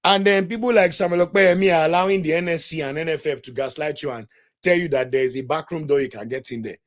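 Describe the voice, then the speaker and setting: A man's voice: fairly high pitch, fast talker. Young guy hosting a live football stream, fired up, ranting at comments. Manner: animated, indignant, ranting with laughs. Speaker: podcast host. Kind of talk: live watch-along commentary, reading viewer comments.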